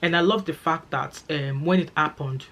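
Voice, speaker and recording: A middle-aged woman and nurse, talking fast and chatty straight to camera in a casual vlog. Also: low-pitched, fairly bright tone. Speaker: vlogger and nurse.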